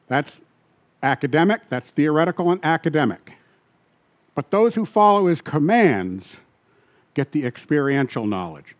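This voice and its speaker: Lively preacher man, lo-fi sound. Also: a little high. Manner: asks the congregation questions and repeats key points. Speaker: pastor. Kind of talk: sermon.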